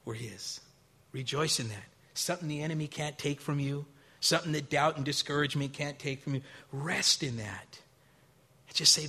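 A male pastor preaching a sermon, telling stories with acted-out quotes, rising to loud, high bursts and dropping to quiet, low stretches. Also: normal speed, breathy edge. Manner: storytelling with acted quotes and a casual, folksy delivery.

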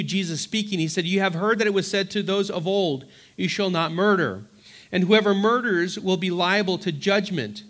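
Earnest preacher man, slightly high voice. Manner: earnest, emphatic, repeats words when stressing a point; swings from loud urgency to soft, quiet pleading. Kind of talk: bible teaching sermon.

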